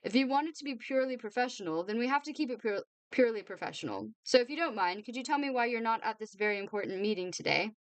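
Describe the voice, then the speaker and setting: A woman's voice: a little high, expressive, fast, few pauses, dry recording, natural voice. A woman voicing an officious, spiteful male headmaster with a sing-song way of talking, in a read-aloud novel.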